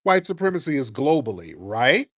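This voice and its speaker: A man's voice: medium pitch, very animated, moderate pace, a bit bright, dry recording, studio quality. A man hosting a call-in radio show who argues sharply and presses his caller.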